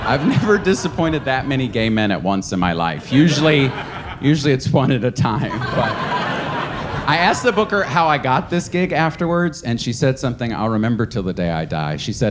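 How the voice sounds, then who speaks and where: A man performing a stand-up comedy set on a club stage, telling stories and slipping into mocking voices. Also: a little slow. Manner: lively storytelling, jumps into high mocking voices for others. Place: comedy club stage before a laughing audience. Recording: live club recording with audience noise.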